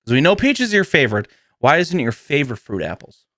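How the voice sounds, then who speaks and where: Lively, laughing podcast host man. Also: a little high, fast talker, no room sound, clean studio sound. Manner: laughs often, swears casually, rambling asides. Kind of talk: casual podcast chat.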